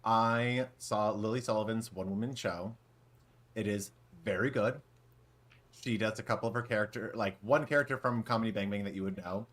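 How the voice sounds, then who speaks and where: A man's voice: on the low side, a little fast, fairly bright tone. A man co-hosting a podcast in casual, rambling chat with many fillers. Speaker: podcast co-host.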